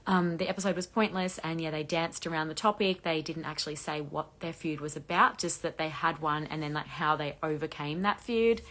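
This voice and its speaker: Croaky low-voiced woman. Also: fairly bright tone. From Australia. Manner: fast-talking, chatty, laughs often. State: hoarse, losing her voice. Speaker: gossip livestream host. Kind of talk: casual livestream chat reading comments. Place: bedroom at home with laundry drying.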